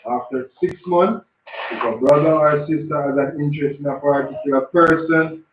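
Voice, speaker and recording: A man reads out announcements and calls drill commands in a formal, declaiming way. His voice sits fairly high for a man and comes from a distance. It is heard over a tinny phone line in an echoey room, with loud noise behind him. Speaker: announcer at a religious school class.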